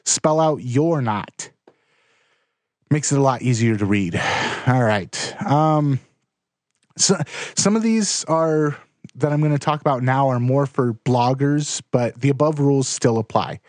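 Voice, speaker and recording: A man's voice: medium pitch, unhurried, dry recording. A man in his thirties giving writing advice in a casual, direct and emphatic way. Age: 30s. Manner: direct, plain-spoken, emphatic. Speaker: blogger giving writing tips. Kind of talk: casual instructional talk to camera.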